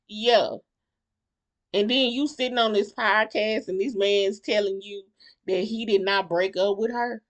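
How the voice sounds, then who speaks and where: A woman vlogger giving a casual, blunt commentary on a reality show, rambling and animated with slang and many restarts. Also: mid-range voice, a little slow, long pauses. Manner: blunt, fired-up opinions.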